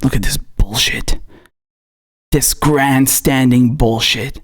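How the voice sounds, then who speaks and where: A man's voice: medium pitch, very animated, a little slow. A male political commentator ranting angrily, swearing often and firing off rhetorical questions. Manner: angry, profane, hammering rhetorical questions.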